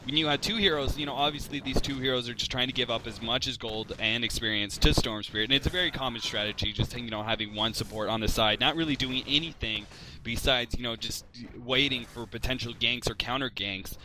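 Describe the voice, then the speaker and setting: A man's voice: medium pitch, fairly quick, noisy background. A man commentating a video game match, rambling with lots of fillers and restarts. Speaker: esports commentator.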